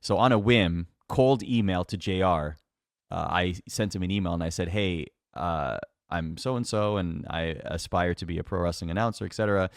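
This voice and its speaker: A man's voice: low voice, normal speed, dry recording, clean studio sound. A man, a wrestling announcer, tells stories in casual chat with lots of animation, laughter and fillers. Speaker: wrestling announcer, podcast guest.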